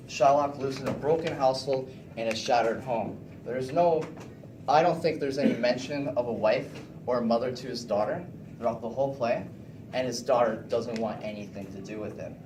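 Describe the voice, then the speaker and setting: Teenage boy presenting in an echoey classroom. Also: medium pitch. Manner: animated, keeps checking in with "okay?". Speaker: student presenter. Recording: echoey room, distant mic, noisy.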